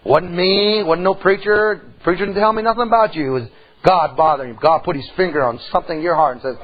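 A middle-aged man, preaching a folksy sermon that swings between loud outbursts and hushed tones. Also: high voice, quick pace, lo-fi sound. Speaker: pastor.

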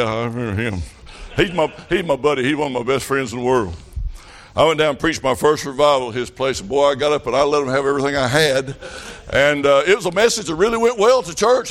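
A middle-aged man preaching a revival sermon, telling folksy stories in a plain country way and rising to loud shouted passages. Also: mid-range voice.

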